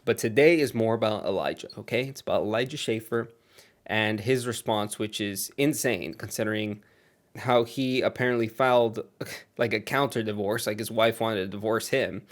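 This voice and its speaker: A man's voice: on the low side, moderate pace. A man doing casual commentary on online drama, sarcastic and gossipy, with chuckles.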